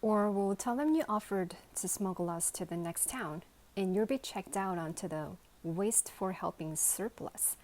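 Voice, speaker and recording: A woman's voice: mid-range voice, measured pace, darkish tone, close to an everyday voice. A woman voicing a fierce, bossy toy pig who makes threats, in a storybook reading.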